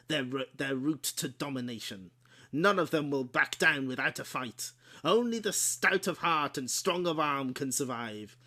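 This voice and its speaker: A man's voice: on the high side, bright, forceful tone. A man voicing an old male pirate telling an ominous tale of a cursed sword at an inn, warning his listeners with old-fashioned speech.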